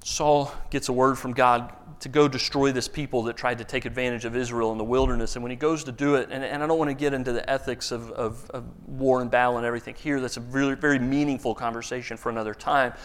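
A man preaching a sermon, telling stories with lively emphasis and frequent word repeats. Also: fast, few pauses. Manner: animated storyteller, rises loud and high for emphasis, repeats words. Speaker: pastor.

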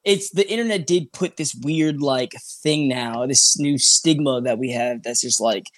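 A man telling a story as a podcast guest, casual and animated, swearing freely and acting out what people said. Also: mid-range voice, measured pace, dry recording, studio quality. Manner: animated, swears freely, acts out quoted talk.

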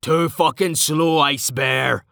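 A man voicing a cocky male warrior who loudly taunts monsters. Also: a little high, fairly even intonation, slow, vocal fry, no echo, clean studio sound, pitched above the performer's own voice, heavily acted. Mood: rowdy taunting. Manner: loud, rowdy taunting.

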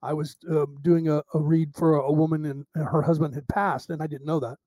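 A man's voice: on the high side, brisk, dry recording. A middle-aged man being interviewed as a psychic medium, telling stories and acting out the dialogue, often restarting his sentences. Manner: animated storyteller acting out quoted dialogue, with restarts. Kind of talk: casual interview storytelling.

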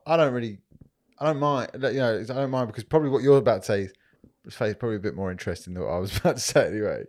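A man's voice: medium pitch, racing, darkish tone. A man co-hosting a podcast, chatting casually, teasing his friend and laughing easily. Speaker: podcast co-host. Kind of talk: casual chat.

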